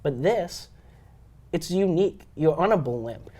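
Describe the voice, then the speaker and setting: A man's voice: fairly high pitch, animated, a little slow, darkish tone. A young man co-hosting a podcast, chatting casually and enthusiastically about a movie, full of "like" and "um". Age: young adult. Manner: enthusiastic, filler-heavy with lots of "like" and "um". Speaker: podcast co-host. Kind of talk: casual film discussion chat.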